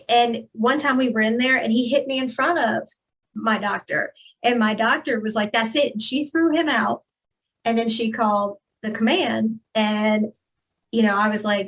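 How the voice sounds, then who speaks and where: A woman's voice: on the high side, fairly even intonation, normal speed, rough recording. A woman giving a candid, earnest personal testimony as a guest in an interview, with frequent fillers.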